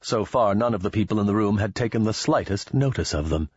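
A man narrating an audiobook in a steady, measured way, close to a studio mic. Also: lowish voice, husky, no room sound, highs cut off. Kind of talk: scripted narration.

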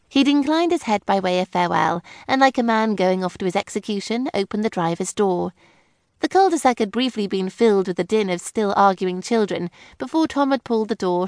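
A woman's voice: mid-range voice, dry recording, clean studio sound. A woman reading a novel aloud as a first-person narrator. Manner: even, clear storytelling. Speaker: audiobook narrator.

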